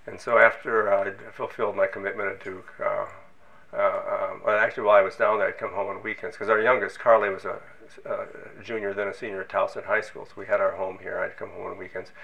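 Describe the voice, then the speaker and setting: A man's voice: on the low side, flat delivery, fairly quick, gravelly, lo-fi sound. An older man from Minnesota recounting his scientific career in a storytelling way, with self-deprecating humor and frequent false starts. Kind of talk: oral history storytelling.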